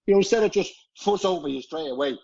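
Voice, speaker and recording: A man's voice: high-pitched, expressive, fast talker, creaky, warm tone. A middle-aged man, a former footballer, telling anecdotes in casual chat, swearing freely and chuckling through his stories. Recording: dull lo-fi podcast audio.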